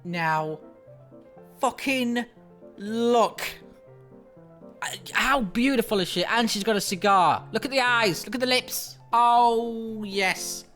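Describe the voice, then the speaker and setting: A woman, an excitable gaming streamer reacting with swearing and gushing comments. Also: medium pitch, normal speed, few pauses, soft background music. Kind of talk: casual gameplay commentary.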